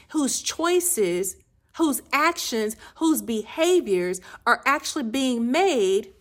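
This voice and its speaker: A woman life coach giving a motivational speech, repeating her phrases for emphasis and often dropping to a soft, low near-whisper.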